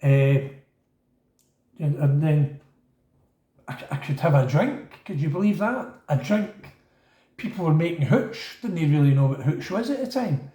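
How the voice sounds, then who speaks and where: A man's voice: a little high, unhurried, pauses often. A middle-aged man with a Glaswegian accent telling a casual, rambling story and acting out the voices of other people. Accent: Scottish, Glaswegian. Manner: rambling, animated, acts out quoted voices. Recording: echoey room.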